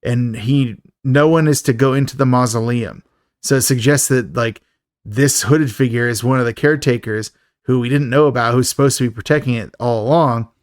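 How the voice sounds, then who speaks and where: A man's voice: mid-range voice, normal speed, no room sound, studio quality. A man co-hosting a podcast, casually recapping a horror film's plot with jokes and fillers. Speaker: podcast co-host. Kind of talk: casual movie recap chat.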